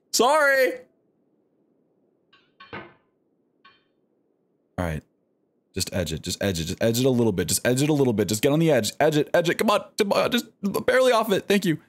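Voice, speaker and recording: A man streaming a game live, his pitch swinging widely as he reacts. He talks to himself the whole time, swears freely, and coaxes himself through each attempt. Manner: animated self-talk, frequent swearing.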